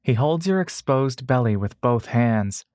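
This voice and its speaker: Slow, dry-voiced male story narrator. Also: medium pitch, no room sound. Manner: measured, steady storytelling. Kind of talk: second-person audiobook narration.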